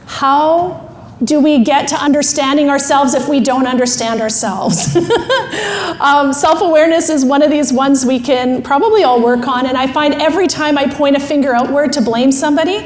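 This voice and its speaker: A woman keynote speaker telling a lively, self-deprecating story, laughing often. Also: high voice, moderate pace, a little hiss or hum. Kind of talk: animated storytelling talk. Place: large expo hall. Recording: echoey hall with faint ambience.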